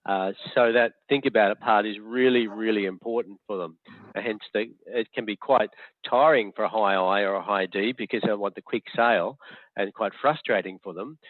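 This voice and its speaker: A man's voice: on the low side, moderate pace, no echo. A man running an online leadership workshop, chatty and hesitant, full of fillers and restarts. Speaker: workshop facilitator. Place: home or office on a video call. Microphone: video call. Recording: tinny phone-like online call audio.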